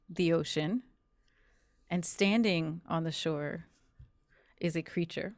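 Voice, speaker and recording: A woman narrates a horror tabletop scene as game master, slow and deliberate. Her voice sits a little low. The recording is dry and close. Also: a little mellow, no room sound.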